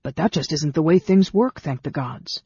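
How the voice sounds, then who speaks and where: Brief: narrator doing a doubtful half-elf warrior, measured and grave, in a dry, dull recording. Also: male voice, on the high side, animated, dark tone, breathy edge, dry recording. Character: grave, troubled half-elf man, middle-aged.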